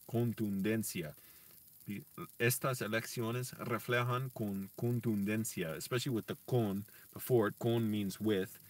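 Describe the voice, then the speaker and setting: A man teaching himself Spanish on a casual stream, slowly sounding out words and correcting himself, with chatty asides to viewers. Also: on the low side, fairly even intonation, recorded from a distance. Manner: slow deliberate sounding-out of words, self-correcting. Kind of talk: casual live-stream language practice.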